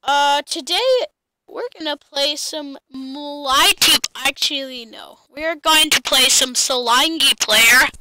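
A woman's voice: sits high, takes it slowly, sharp tone. A woman with a lisp, hosting a goofy, chatty let's-play of a video game. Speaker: gaming channel host.

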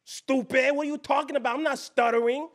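A man's voice: extremely high pitch, fairly even intonation, brisk, pitched above the performer's own voice. A man putting on a voice as a stuttering, touchy young male rapper while trolling strangers on video chat, repeating words over and over. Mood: boastful. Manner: stammers and repeats words constantly.

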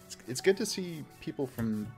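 A man's voice: mid-range voice, animated, moderate pace, a little mellow, faint music behind. A man from Oklahoma chatting casually and rambling while he plays a game on a live stream. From Oklahoma, United States.

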